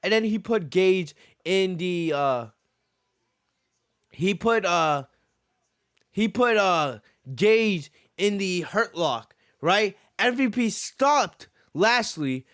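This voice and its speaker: High-voiced man ranting on a podcast. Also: animated, drawn-out words, fairly bright tone, no room sound, clean studio sound. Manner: ranting, repeats himself, profane. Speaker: podcast host. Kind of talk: heated wrestling show review.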